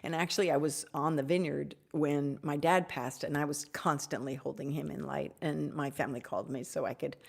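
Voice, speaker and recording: A woman hosting a live Q&A on spiritual topics, effusive and gushing, sometimes dropping into soft whispers. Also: deep voice, fairly even intonation, fairly quick, vocal fry, few pauses, husky. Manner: warm, effusive, drops to soft whispers at times. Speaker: host answering audience questions.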